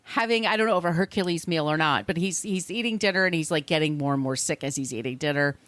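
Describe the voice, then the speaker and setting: A woman's voice: sits low, fast, a bit bright, no echo. A woman hosting a podcast, telling a history story in a rambling, conversational way, with restarts and the odd swear. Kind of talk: casual storytelling chat.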